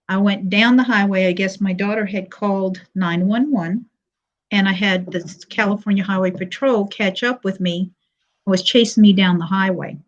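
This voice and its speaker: Older woman, halting personal testimony with fillers; muffled lo-fi stream sound. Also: mid-range voice. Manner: halting, frequent pauses and fillers, retelling with quoted dialogue. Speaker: panel guest sharing her story.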